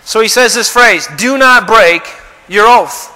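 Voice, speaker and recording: A man's voice: sits high, measured pace, sharp tone, big-room sound, rough recording. A man preaching a sermon, asking rhetorical questions and acting out the quotes he reads. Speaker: pastor.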